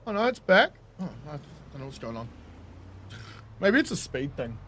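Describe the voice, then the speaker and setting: Lively, swearing New gamer. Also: medium pitch, moderate pace, slight background noise. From New Zealand. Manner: swears freely, laughs often, chatty and joking. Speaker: game streamer. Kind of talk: casual gameplay commentary.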